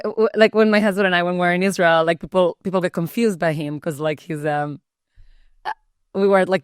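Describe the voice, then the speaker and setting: A woman hosting a podcast, telling stories in a chatty, animated way. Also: lowish voice, no room sound, studio quality. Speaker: podcast host. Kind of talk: conversational interview.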